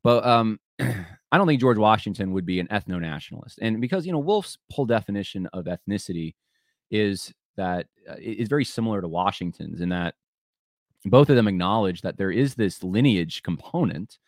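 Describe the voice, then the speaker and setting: A man's voice: fairly low pitch, expressive, moderate pace, dry recording, clean studio sound. A man hosting a solo podcast, thinking aloud in a conversational way, often restarting his sentences and speaking straight to his listeners. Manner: conversational, addresses listeners directly. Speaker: podcast host.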